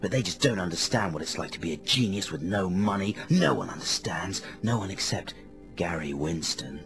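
A man on a comedy radio show impersonating a self-absorbed male film star, talking in a melodramatic breathy stage whisper. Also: low voice, lively intonation, normal speed, voice pushed down. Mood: gushing. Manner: melodramatic, self-mocking monologue. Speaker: radio host. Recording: radio broadcast with music underneath.

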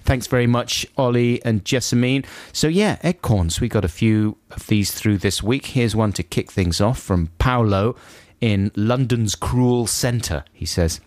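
A man's voice: mid-range voice, measured pace, hardly any pauses, a little mellow, dry recording. A man co-hosting a comedy podcast, reading listener emails aloud and often breaking into laughter. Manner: giggly, breaks into laughter, puts on voices for quotes. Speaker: podcast co-host.

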